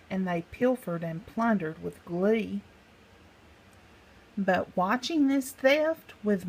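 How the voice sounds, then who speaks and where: Woman slowly reading a rhyming storybook. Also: medium pitch, rough recording. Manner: slow, rhythmic, sing-song delivery. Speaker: storybook reader. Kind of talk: rhyming picture-book narration.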